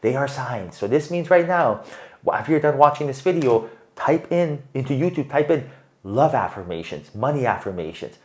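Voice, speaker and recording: Male tarot reader, mid-pitched, animated and emphatic, talks straight to the viewer. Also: normal speed. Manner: animated, emphatic, keeps asking "right?". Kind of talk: tarot reading monologue.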